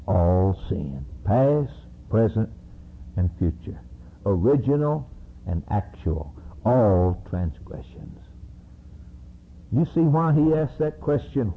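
Male preacher, husky and unhurried, with wide-ranging dramatic inflection. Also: big pitch swings. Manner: slow, emphatic preaching that rises to high-pitched climaxes. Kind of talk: sermon. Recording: narrow, phone-like recording.

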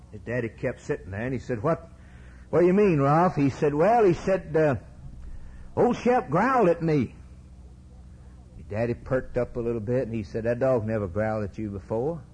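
A man preaching a sermon, telling a story and swinging from low drawn-out lines to sudden high shouted peaks. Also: slightly rough, muffled recording.

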